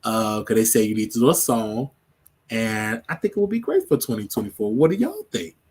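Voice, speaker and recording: Husky, rambling man chatting on a livestream. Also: lowish voice, big pitch swings, brisk, a little mellow. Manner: chatty, rambling, laughs often. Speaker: show host. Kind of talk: casual livestream chat.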